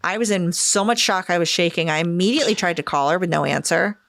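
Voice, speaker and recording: A woman's voice: fairly low pitch, brisk, vocal fry, hardly any pauses, dry recording. Dry-voiced woman reading a letter aloud. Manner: expressive, acts out quoted lines. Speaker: podcast host reading a listener letter. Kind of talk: reading a listener's story aloud.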